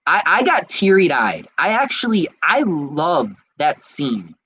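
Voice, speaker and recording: A man hosting a podcast, reading out viewer comments in casual chat and answering them in an excitable, rambling way. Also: a little high, slow, slightly rough, rough recording. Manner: excitable and rambling, with frequent restarts. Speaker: podcast host.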